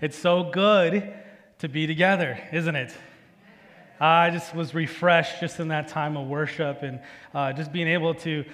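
A pastor with a notably high voice for a man delivers a sermon. He speaks earnestly and conversationally, with fillers and emphatic repeats. His voice rings out with the long reverb of a church hall. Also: a little slow, fairly bright tone. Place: church sanctuary with people present.

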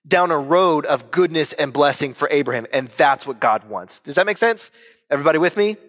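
A man in his thirties, a pastor preaching a sermon in an animated, conversational way. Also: high voice. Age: 30s. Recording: long reverb of a large hall.

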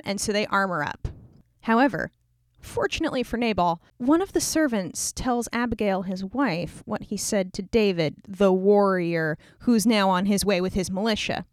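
A woman's voice: mid-range voice, normal speed, no echo, clean studio sound. Wry, slangy woman storyteller. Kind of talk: casual retelling of scripture.

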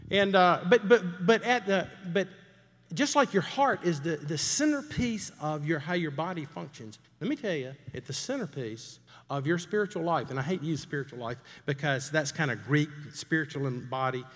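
A man's voice: a little high, animated, normal speed, a bit bright. A middle-aged man preaching a sermon in a folksy, conversational way, telling a story and asking the congregation questions. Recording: long hall reverb.

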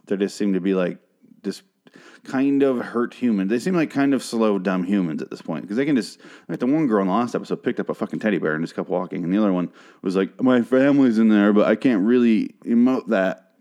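A man's voice: lowish voice, quick pace, darkish tone, muffled recording. A young man hosting a podcast, recapping a TV episode in a casual, profane, rambling rant full of fillers.

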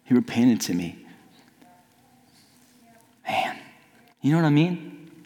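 A man's voice: medium pitch, big pitch swings, slow pace. Man, middle-aged, pastor, conversational sermon, long hall reverb. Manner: conversational preaching that rises to near-shouting. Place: church sanctuary.

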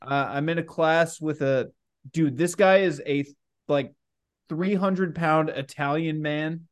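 A young man co-hosting a podcast in casual chat, loose and profane and quick to laugh. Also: on the high side, smooth. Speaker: podcast co-host.

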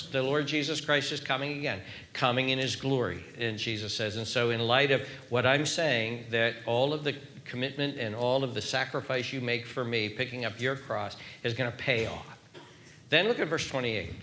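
An older man preaching a sermon, emphatic, pushing his voice up high on questions and then dropping it low. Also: moderate pace, sharp tone. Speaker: pastor.

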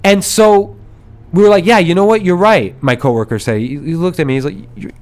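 A man's voice: sits high, brisk. A man hosting a podcast, telling a story in a casual, rambling way, acting out the voices of other people and laughing as he goes. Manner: animated, rambling storyteller who acts out voices and laughs often. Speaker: podcast host.

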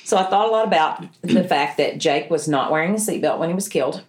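Talking fast in a low voice, a middle-aged woman gives personal testimony as a guest in an interview. She comes across earnest and emotional, breaking off and restarting sentences often.

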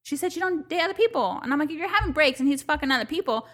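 A woman co-hosting a podcast in casual chat, animated, laughing often and acting out quotes. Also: high voice, racing. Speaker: podcast co-host.

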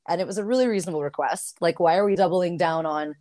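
A middle-aged woman chatting casually on a podcast, voice sitting a little low. She tells her stories with animated, acted-out dialogue. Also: quick pace. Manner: animated storyteller, acts out quoted dialogue. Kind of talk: casual conversation.

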